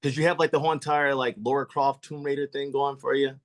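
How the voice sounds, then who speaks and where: A man's voice: medium pitch, level tone, fast. A man hosting a podcast, chatting with a guest in an enthusiastic, effusive, self-deprecating way. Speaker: podcast host. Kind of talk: casual interview chat.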